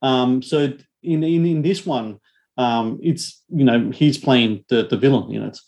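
A man's voice: mid-range voice, a little slow, darkish tone. A man co-hosting a casual chat about horror films, rambling with many ums and restarts. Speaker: podcast co-host, horror film reviewer.

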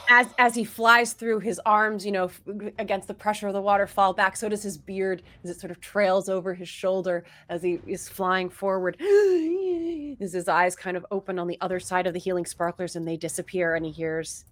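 A woman's voice: fairly low pitch, flat delivery, a bit bright. A woman running a tabletop game as game master, narrating the action with frequent restarts. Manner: descriptive, halting narration with restarts.

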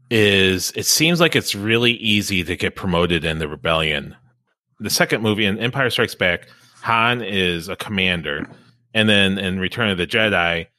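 A man's voice: low-pitched, sharp tone, no room sound, studio quality. A man hosting a casual podcast chat, rambling and loose, with many fillers. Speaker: podcast host.

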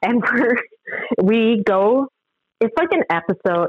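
A woman's voice: on the high side, takes it slowly, no echo. Middle-aged woman telling a story, voice jumps all over, dry dull recording. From Upper Midwest of the United States. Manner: lively, acts out other people's lines. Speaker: guest. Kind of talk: animated storytelling.

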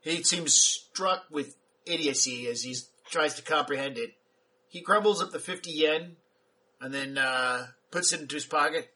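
A man running a tabletop role-playing game as game master, describing scenes and talking rules in a relaxed way. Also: fairly high pitch, normal speed.

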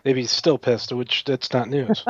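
A man's voice: medium pitch, measured pace, highs cut off. A man from the United Kingdom joining a voice chat with friends, cracking teasing jokes and arguing lightly about wrestling news. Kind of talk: casual banter.

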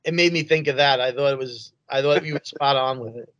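A man's voice: medium pitch, fairly quick, a bit bright, no room sound, lo-fi sound. A man co-hosting a podcast, telling a casual anecdote with easy laughs. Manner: easygoing anecdote teller, laughs at his own stories. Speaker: podcast co-host.

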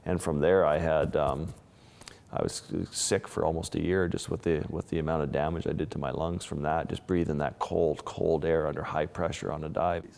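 Male underwater photographer, deep voice, casual storyteller, lingering reverb on the track. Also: steady tone, moderate pace, gravelly, a little mellow. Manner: casual, restarts phrases, vivid retelling. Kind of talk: interview storytelling.

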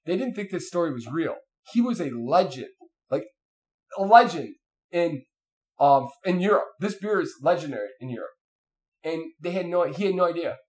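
A man's voice: a little high, moderate pace. A man in casual chat, telling a long story with lots of fillers and restarts. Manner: rambling, animated, many fillers and restarts.

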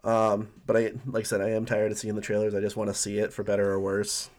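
Low-voiced man chatting casually. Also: completely flat delivery, fast talker, a little mellow. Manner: hesitant, filler-heavy, enthusiastic. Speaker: podcast co-host. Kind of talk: casual chat.

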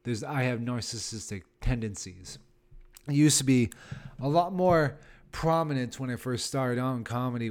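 A man's voice: mid-range voice, darkish tone, clear, resonant tone. A man in his thirties, a comedian hosting a podcast, ranting in a casual, rambling, sarcastic way. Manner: rambling and sarcastic, with many fillers and laughs. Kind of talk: casual solo podcast rant.

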